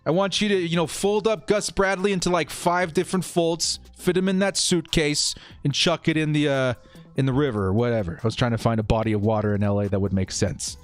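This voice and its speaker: A man's voice: fairly high pitch, steady tone, brisk, soft background music. A young man hosting a casual live stream, reading viewer comments aloud and laughing often.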